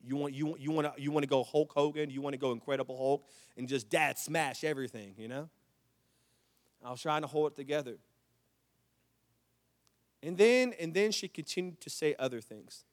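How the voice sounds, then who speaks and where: A middle-aged man preaching a sermon, telling stories with repeated restarts and building to loud, impassioned climaxes. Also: fairly high pitch, fairly quick, pauses often, big-room sound. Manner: storytelling with repetitions and restarts. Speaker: pastor.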